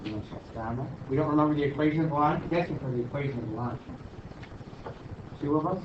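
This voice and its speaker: A man's voice: on the high side, normal speed, recorded from a distance, noisy background. A man teaching a math class, questioning students and joking as a self-declared stickler. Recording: roomy, dull, from across the room.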